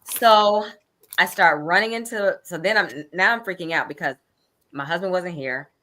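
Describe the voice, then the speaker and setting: A woman's voice: on the low side, moderate pace, sharp tone. A middle-aged woman casually telling an anecdote, animatedly acting out her own quoted thoughts. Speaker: guest storyteller.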